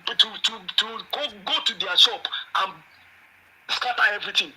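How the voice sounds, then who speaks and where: A man caller with a Nigerian accent, talking haltingly and repeating words. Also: high voice, bright, forceful tone, low-quality recording. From Ibadan, Nigeria.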